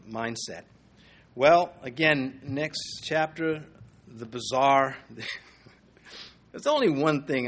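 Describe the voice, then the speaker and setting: A man's voice: mid-range voice, fairly bright tone, slightly rough. A middle-aged man teaching through a Bible passage verse by verse, reading scripture aloud and commenting in a conversational way with fillers and small chuckles.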